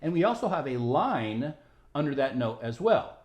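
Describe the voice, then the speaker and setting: A man with a medium-pitched, sing-song voice teaches violin at a normal pace, patiently walking through rhythm and bowing step by step and often asking "right?" It's a music tutorial recorded in a roomy, echoing space, with violin playing in the background.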